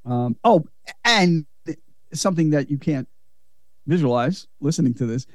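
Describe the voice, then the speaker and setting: A man's voice: fairly high pitch, measured pace, no echo, studio quality. A man hosting a casual film-review chat, laughing and swearing often. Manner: laughing, profane, animated. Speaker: podcast host.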